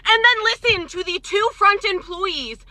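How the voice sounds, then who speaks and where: A young woman tells her story into a phone in a very high voice, her tone sharp and piercing. She rants indignantly, swearing freely. The sound is close and dry, with almost no room around it. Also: unhurried, no room sound. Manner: indignant, profane ranting. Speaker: social media poster.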